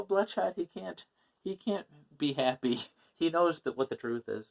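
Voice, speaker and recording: A man's voice: medium pitch, big pitch swings, unhurried, vocal fry, lo-fi sound. Male comic reviewer, casual and rambling, filler-heavy, mid-range voice. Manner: rambling, many fillers and laughs. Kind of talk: casual chat.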